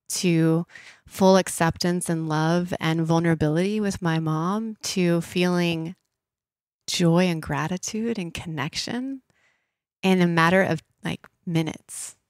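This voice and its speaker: A woman in her thirties shares a deeply personal story as a podcast guest. Her voice sits a little low and sounds dry and close. She leans on "like" and sometimes drops into a soft hush. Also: no room sound. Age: 30s. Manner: emotional, frequent "like" fillers, soft hushed inner voice at times.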